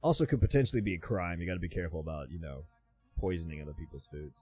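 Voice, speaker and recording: A man's voice: low voice, lively intonation, racing, warm tone, husky, soft background music. Wry chuckling man reacting to clips. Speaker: reaction video host. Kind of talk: casual reaction commentary.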